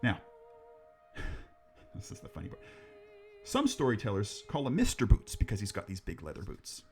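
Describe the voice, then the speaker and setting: Give me a low-pitched man chatting loosely about ghosts, jokey and animated. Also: normal speed, faint music behind. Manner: rambling, jokey, swears, laughs at his own jokes. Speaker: podcast co-host. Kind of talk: casual chat, telling ghost stories.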